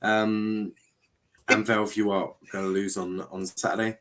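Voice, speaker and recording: A man's voice: fairly low pitch, little pitch movement, measured pace, fairly bright tone. A man hosting a casual panel chat, reading out chat comments and teasing his co-host. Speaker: show host.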